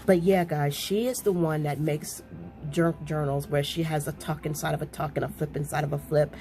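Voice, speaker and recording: A woman chatting casually to her viewers, gushing and excitable, often repeating herself as she talks. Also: low-pitched, moderate pace, faint music behind. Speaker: crafting vlogger.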